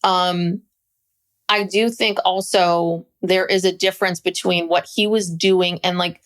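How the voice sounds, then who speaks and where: A woman's voice: on the low side, fairly even intonation, unhurried, a bit bright. A woman co-hosting a podcast, discussing a documentary in a thoughtful, chatty way with hesitant fillers. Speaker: podcast co-host. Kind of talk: casual chat about a documentary.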